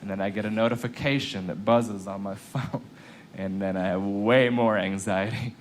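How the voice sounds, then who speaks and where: A man performing a stand-up comedy set on a club stage, telling a story with lively swings in pitch for the excited parts. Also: normal speed, slight background noise. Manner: animated storytelling, jumps up high in pitch for excited bits.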